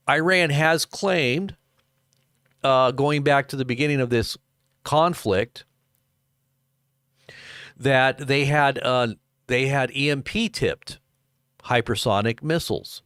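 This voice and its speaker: An American man talks through live news commentary in a middle-pitched voice, rambling and circling back with fillers. The sound is dry and close, with no room around it. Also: fairly bright tone, clear, resonant tone, no echo. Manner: rambling, many fillers and restarts.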